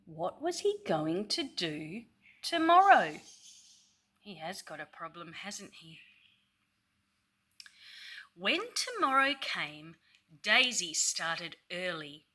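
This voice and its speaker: A woman reading a picture book aloud to young children, slow, clear and teacherly, pausing to clap syllables and ask questions. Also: on the low side, very animated, bright, forceful tone. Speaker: storyteller for children.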